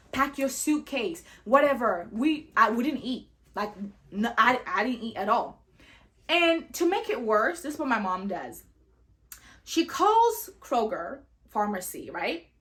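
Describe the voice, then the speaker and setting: A young woman from Sierra Leone telling a travel story in a casual vlog, animated and full of "you know" fillers. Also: on the high side. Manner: animated, acts out quoted voices, many fillers like "you know". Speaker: vlogger.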